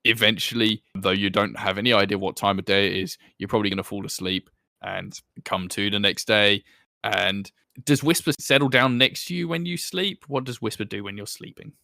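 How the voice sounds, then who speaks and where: A man runs a tabletop game, narrating in a relaxed, chatty way. His voice is low and gravelly with a bright edge. The sound is dry and close to the mic. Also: fairly quick, no echo. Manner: relaxed, chatty, laughs often. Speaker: game master.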